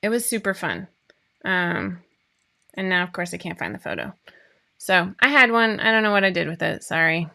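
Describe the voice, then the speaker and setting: A woman's voice: on the low side, big pitch swings, moderate pace, creaky, bright, forceful tone. A woman in her forties hosting a casual chat for her viewers, talking in a chatty, rambling way with frequent laughs. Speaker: host of a sewing pattern show.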